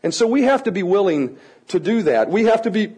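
높은 음의 허스키한 목소리의 남성 강사. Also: male voice, high-pitched, a little fast, slightly rough, low-quality recording. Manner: energetic, playful, coaxes the audience. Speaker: children's ministry trainer. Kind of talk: lively teaching talk to an audience.

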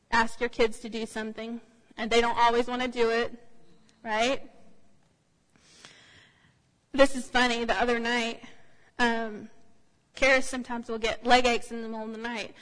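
A woman preaching with a bright, ringing voice pitched a little high. She talks in a loose, chatty way with plenty of fillers, and a long hall reverb trails behind her words. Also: level tone, normal speed. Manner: conversational, anecdotal, with frequent fillers. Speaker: speaker. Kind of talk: sermon.

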